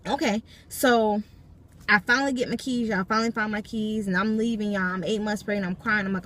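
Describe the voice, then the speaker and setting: A woman's voice: medium pitch, steady tone, fairly quick, a bit bright, a little hiss or hum. A young adult woman vlogger recounting a personal story from a parked car, talking emphatically and turning to her viewers again and again. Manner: emphatic, keeps addressing viewers directly. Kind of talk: storytime vlog.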